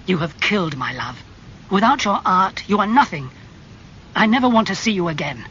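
Man doing a proud, cold young gentleman. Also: high-pitched, expressive, moderate pace. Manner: raised, hard and cold delivery. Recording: slightly muffled with faint hum.

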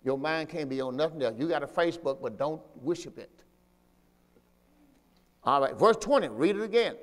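Man, pastor, high voice, church sermon, call-and-response, emphatic and repetitive, long hall reverb. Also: animated, normal speed, long pauses. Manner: call-and-response preaching, asks congregation to repeat; repetitive, emphatic teaching delivery.

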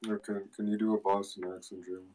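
A man's voice: lowish voice, flat delivery, fast. A man in casual gaming voice chat, joking around and talking through earbud headphones. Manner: goofy, joking. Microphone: earbud headphone mic. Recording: noisy earbud mic.

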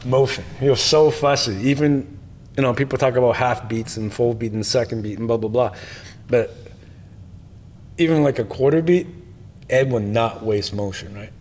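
A man's voice: mid-range voice, a little hiss or hum. Emphatic man telling martial arts stories. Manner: emphatic, tags points with "right?"; repetitive rhetorical lists. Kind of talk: interview storytelling.

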